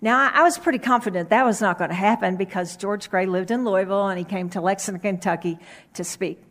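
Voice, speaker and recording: A middle-aged woman, a children's pastor, telling a Bible story and her own testimony to children in a lively way, then praying gently. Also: mid-range voice, quick pace.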